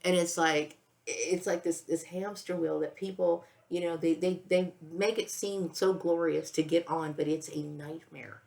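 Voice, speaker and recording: A woman's voice: lowish voice, steady tone, a little slow, gravelly, few pauses, a little mellow. A woman in her sixties speaking in an emotional, rambling personal monologue, near tears, with many restarts and frequent "okay?" and "you know.". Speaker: vlogger.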